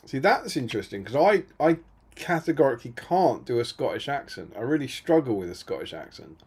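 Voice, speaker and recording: Husky, chatty British man on a stream. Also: mid-range voice, sing-song, brisk. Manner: chatty, dry and self-mocking. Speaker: co-host of a tabletop gaming stream. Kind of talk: casual live-stream chat.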